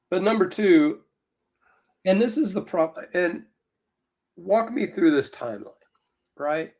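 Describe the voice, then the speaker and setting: A man's voice: sits high, lively intonation, takes it slowly, long pauses. A man co-hosting a podcast in casual chat, rambling and full of fillers, with a Southern US accent. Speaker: podcast co-host.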